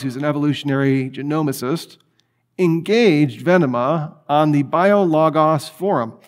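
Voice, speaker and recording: A man giving a conversational, animated apologetics lecture with frequent restarts. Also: medium pitch.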